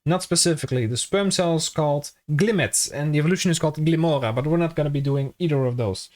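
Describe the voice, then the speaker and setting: A young man with a Dutch accent talks loosely to his stream chat, joking and cursing as he plays. His voice sits a little high for a man, and his delivery is casual and offhand. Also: fast, darkish tone. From Netherlands. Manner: jokey, swears freely, chats with viewers.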